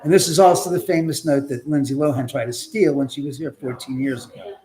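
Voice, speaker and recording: A man with a medium-pitched, warm voice talks a little fast while hosting a live stream from his own house. He tells a story casually and chattily, acting out the voices of people he quotes and swearing now and then.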